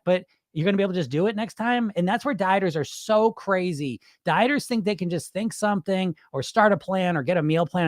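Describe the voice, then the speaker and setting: Middle-aged coach guy ranting, swears a lot, voice jumps all over, kinda high. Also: no echo, studio quality. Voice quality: animated, emphatic, swears freely. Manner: argumentative rhetorical questions, acts out his own inner voice. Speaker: weight loss coach. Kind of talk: direct-to-camera advice talk.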